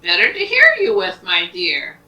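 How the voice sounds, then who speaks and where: A woman voicing a sly big bad male wolf in a children's story, loud and sing-song. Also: lowish voice, wildly swooping pitch, a little slow, heavily acted. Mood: gloating. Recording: roomy, distant home recording.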